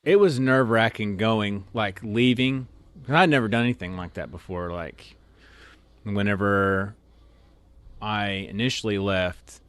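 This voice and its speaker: Young guy from oklahoma rambling about army days, lowish voice, dry sound. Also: fairly bright tone, clean tone, no room sound. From Oklahoma, USA. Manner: rambling, full of "like" and restarts. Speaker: interview guest, officer candidate. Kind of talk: casual storytelling.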